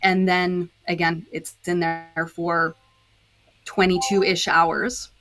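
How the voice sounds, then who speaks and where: A woman's voice: fairly low pitch, flat delivery, slow pace, fairly bright tone. A woman guest on a podcast, explaining her dyeing process step by step in a casual chat, with frequent fillers. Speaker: podcast guest, disc dyer.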